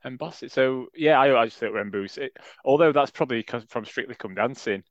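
A man's voice: medium pitch, no echo, lo-fi sound. A man co-hosting a casual football podcast, sarcastic and jokey. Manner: sarcastic, jokey, quick asides. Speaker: podcast co-host.

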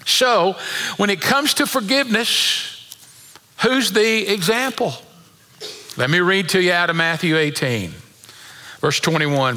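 A man preaching in a church, his fairly high, bright voice rising to stress key points as he reads scripture. A long hall reverb trails each phrase. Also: measured pace, long pauses. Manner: preaching with swelling emphasis, reading scripture aloud. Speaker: pastor. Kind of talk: sermon.

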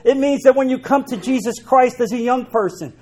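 A man's voice: very high-pitched, brisk, darkish tone. A man preaching a sermon, emphatic, repeating his key phrases for weight.

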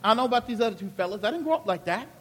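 A male pastor from Charleston, South Carolina, with a Southern accent and a high voice, preaching a sermon in an animated, colloquial storytelling way. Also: rapid-fire, big-room sound, a little hiss or hum.

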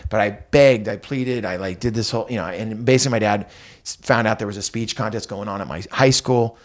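A middle-aged comedian telling a story in casual chat, acting out the voices of the people in it. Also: male voice, on the low side, brisk. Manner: animated storyteller, acts out voices of others. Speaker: comedian guest.

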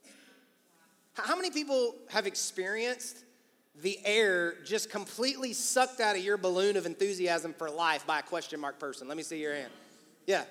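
A male pastor preaching an energetic, emphatic, encouraging sermon in church. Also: high voice, moderate pace. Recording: long church-hall reverb.

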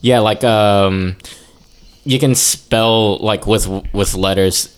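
A man co-hosting a podcast, telling a story in halting, giggly casual chat. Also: on the low side, steady tone, clear, resonant tone. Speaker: podcast co-host.

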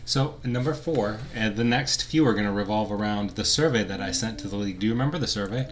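A man's voice: fairly low pitch, fast talker. A man hosting a podcast, playfully quizzing and teasing his co-host. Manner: playful, teasing, quiz-master delivery. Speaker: podcast host running a quiz. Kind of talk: casual podcast banter.

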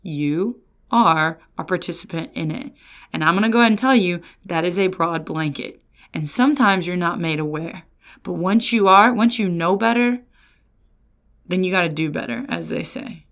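Give me a woman teaching the Bible in a relaxed, lively way. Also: on the low side, normal speed. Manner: lively, jumps into sarcastic voices for quoted lines. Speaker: pastor and resident theologian.

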